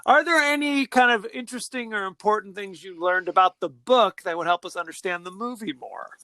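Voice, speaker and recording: A man's voice: high voice, a little fast, bright, forceful tone, no room sound. A man co-hosting a podcast, chatting casually with a jokey manner. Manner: jokey, reads a quote aloud. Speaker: podcast co-host. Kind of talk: casual chat.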